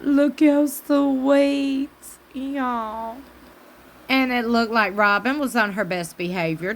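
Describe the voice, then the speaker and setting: A woman's voice: mid-range voice, bright, forceful tone, low-quality recording. A woman with a Southern US accent giving a chatty, sassy recap of a reality show, talking straight to her viewers. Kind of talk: casual commentary recap.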